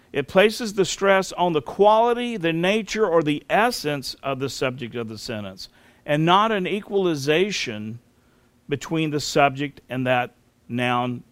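Slow, deliberate male Bible teacher. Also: fairly high pitch, expressive, fairly bright tone, no echo. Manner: slow, deliberate explaining with spelled-out terms.

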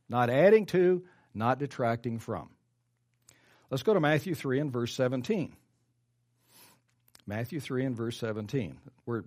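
A man preaching a sermon, reading Bible verses aloud and commenting on them, with frequent throat clearing. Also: medium pitch. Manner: reads scripture aloud and comments, rising emphatic then dropping quiet; clears his throat often.

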